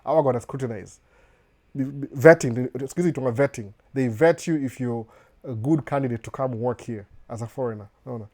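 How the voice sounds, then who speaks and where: A man with a Kenyan accent softened by a slight American tinge hosts a live question-and-answer session, reading out viewer questions one by one. He answers in a relaxed, mellow voice, giving down-to-earth advice and often breaking off and restarting his words. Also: mid-range voice, brisk. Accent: Kenyan with a slight American touch. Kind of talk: live Q&A chat.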